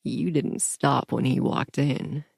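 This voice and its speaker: A woman voicing a commanding, dominant grown man in an audiobook romance, speaking in a low, domineering murmur. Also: fairly even intonation, takes it slowly, creaky, a little mellow, slightly rough, dry recording, clean studio sound, full character voice.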